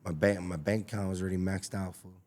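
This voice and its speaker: This LA taco business owner talks fast on a podcast, his low voice fairly even in intonation and a little mellow. He tells his story casually, with emphatic slang and frequent fillers and repeated words.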